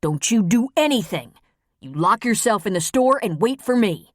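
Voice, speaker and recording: A woman's voice: medium pitch, lively intonation, normal speed, dry recording, clean studio sound, pitched above the performer's own voice, close to an everyday voice. A woman narrating an audiobook, voicing a commanding male small-town sheriff giving firm orders.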